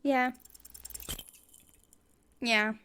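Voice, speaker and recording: A woman's voice: a little high, steady tone, extremely slow, bright, forceful tone, clear, resonant tone. A woman playing a game on video, reading the on-screen text aloud in a casual way, with wry asides. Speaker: let's play gamer.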